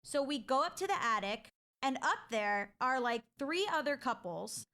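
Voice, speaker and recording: A woman's voice: sits high, animated, moderate pace, sharp tone. A woman telling a personal ghost story in a chatty, casual way, full of filler likes and restarts.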